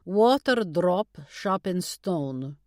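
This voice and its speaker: A woman voicing a blunt, matter-of-fact woman, speaking slowly. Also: lowish voice, lively intonation, darkish tone, no echo, studio quality.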